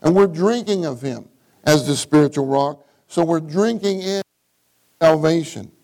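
A man's voice: on the high side, unhurried, dark tone, poor audio. A middle-aged man preaching a sermon, reading scripture aloud and repeating key phrases for emphasis. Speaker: church speaker.

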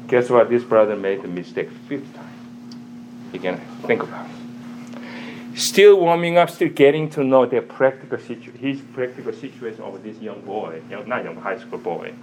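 A man's voice: medium pitch, normal speed, hardly any pauses. Guy preaching to a church crowd, bouncy swingy voice, asks the room questions, faint hum behind. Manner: animated, quizzes the audience. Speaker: church teacher. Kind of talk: sermon-style teaching.

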